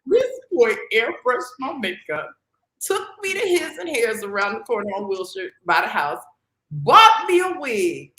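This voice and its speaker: A woman, a guest on a talk show, telling a story in a casual, animated way and acting out the dialogue. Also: on the high side, measured pace, roomy sound, a little hiss or hum, low-quality recording. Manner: animated, acts out quoted dialogue.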